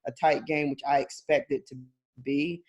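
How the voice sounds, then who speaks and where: A woman's voice: sits low, fairly even intonation, moderate pace, darkish tone, husky. A woman co-hosting a casual sports podcast, talking in long rambling turns, hedging often and laughing between thoughts. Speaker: podcast co-host.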